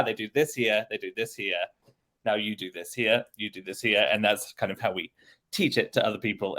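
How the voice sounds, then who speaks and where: A man's voice: mid-range voice, fairly bright tone. A man from England with an English accent, speaking as an interview guest and explaining his work as an accent coach in a friendly, articulate way.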